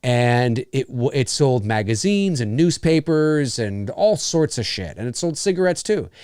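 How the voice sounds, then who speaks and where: A man's voice: mid-range voice, sing-song, measured pace, a little mellow, smooth, no echo, clean studio sound. A middle-aged man from Canada co-hosting a podcast in casual chat, rambling and emphatic, blunt about not caring. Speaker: podcast co-host.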